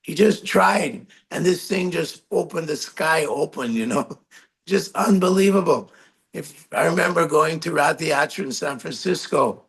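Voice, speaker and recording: A man giving a talk, telling anecdotes with frequent laughter and animated delivery. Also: sits high, poor audio. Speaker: lecturer recalling memories. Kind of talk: storytelling talk.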